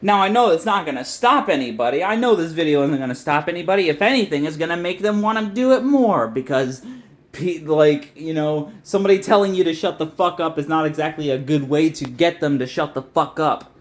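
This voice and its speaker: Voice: mid-range voice, animated, fairly quick. A young adult video essayist ranting in a frustrated, profane, rambling way, with many restarts. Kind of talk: ranting commentary.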